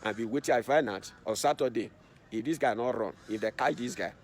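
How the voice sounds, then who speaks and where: A man tells a casual, chatty story at a quick clip. Faint town noise sits behind him outdoors. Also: medium pitch.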